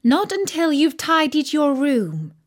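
A woman voicing a bossy, brisk mother who scolds her children. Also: high-pitched, sing-song, voice pushed up, heavily acted. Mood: scolding. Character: bossy busy mother, no-nonsense.

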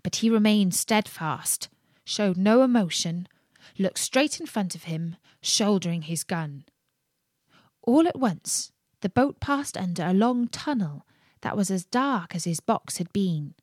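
A woman reading a fairy tale aloud with expressive, dramatic narration. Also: lowish voice, unhurried, no echo, studio quality. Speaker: storyteller.

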